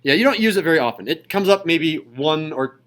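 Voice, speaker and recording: A young man teaching a high school math class in a classroom, playful and jokey in manner. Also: animated, fairly quick, a bit bright, low-quality recording. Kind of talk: classroom lecture.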